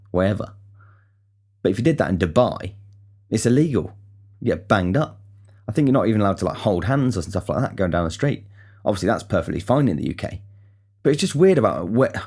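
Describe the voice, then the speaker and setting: Expressive and a little fast, his deep, slightly mellow voice carries a casual storytelling monologue on his podcast. The young man, from England and from the talks, rambles, swears freely and keeps restarting.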